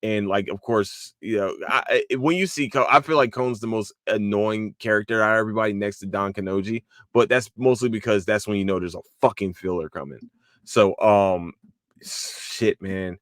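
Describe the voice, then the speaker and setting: A man with a fairly low voice hosts a loose, unscripted solo podcast, talking with excitable energy. He swears freely and keeps stumbling into restarts and fillers. The sound is dry, with no room echo. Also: normal speed. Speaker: podcast host. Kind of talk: casual solo anime review podcast.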